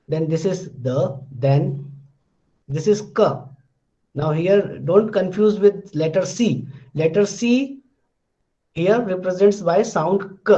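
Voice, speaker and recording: A man gives a pronunciation lesson in a high, mellow voice, speaking slowly and repeating each sound twice. The recording is dull and lo-fi. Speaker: English pronunciation teacher. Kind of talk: classroom lecture.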